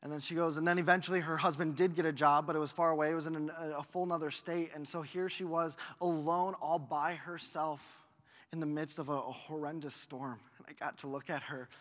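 A man's voice: on the high side, steady tone, fairly quick, fairly bright tone. A man pastor giving an earnest storytelling sermon, often repeating words as he goes. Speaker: family life pastor. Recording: echoey hall.

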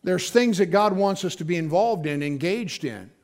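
A man preaching a sermon as pastor, talking casually to his congregation, acting out quoted voices, with sudden loud bursts. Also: sits high, animated, moderate pace.

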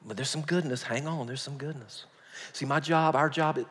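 A male pastor preaching a sermon in a folksy storytelling way, swinging from hushed asides to loud outbursts. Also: medium pitch, fairly quick. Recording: long reverb of a large hall.

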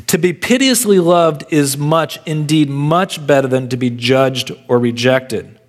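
Earnest male pastor preaching in reverb. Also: mid-range voice. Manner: earnest preaching, varied pace with slow emphatic phrases. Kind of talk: sermon. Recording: long church reverb.

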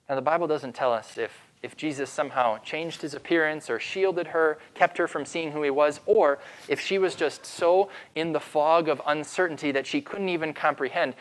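Man preaching a storytelling sermon. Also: a little high. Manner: storytelling, dramatic pauses, slows down for emphasis. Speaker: pastor.

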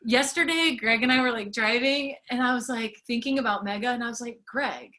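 A middle-aged woman comedian and podcast host, voice on the high side and brisk, chats as a guest in a casual interview. She's an animated storyteller who acts out quotes as she goes.

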